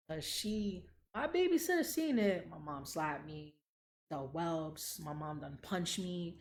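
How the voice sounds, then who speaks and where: Brief: young woman host, lowish voice, blunt and profane, candid emotional chat. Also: lively intonation, takes it slowly, darkish tone. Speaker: podcast host.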